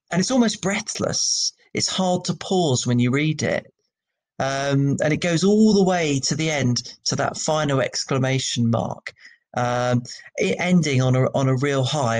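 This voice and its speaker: A man's voice: mid-range voice, a little slow. Man teaching a poetry lesson. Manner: conversational, many ums and restarts. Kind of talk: recorded classroom lesson.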